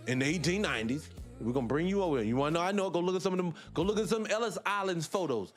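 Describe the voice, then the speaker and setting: A male morning-show host delivers a heated livestream monologue in a high voice. He drifts off on tangents, laughs to himself, then snaps back with question after question for his listeners. Faint music plays in the background. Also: lively intonation, very fast. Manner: impassioned, fires rhetorical questions at listeners; digresses, laughs between points.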